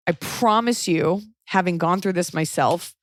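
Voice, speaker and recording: A woman's voice: fairly low pitch, a little slow, no room sound. A woman podcast host giving blunt, frank advice in casual chat, swearing freely and acting out quoted people. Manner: blunt, swears, animated quoting.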